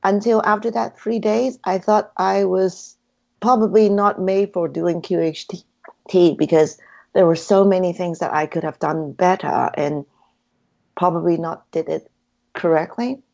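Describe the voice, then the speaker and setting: A woman's voice: on the low side, fairly even intonation, measured pace, gravelly, darkish tone. A woman guest in an interview, earnestly telling her story and acting out her own inner dialogue in a dull, lo-fi recording. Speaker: hypnotherapy practitioner, guest.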